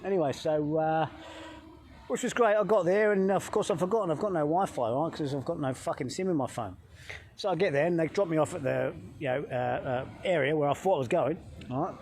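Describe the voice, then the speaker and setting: A middle-aged man from England, a health coach vlogger telling a travel story in a swearing, animated way, talking into a phone outdoors by a hotel pool. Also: fairly high pitch, a little fast, a little hiss or hum.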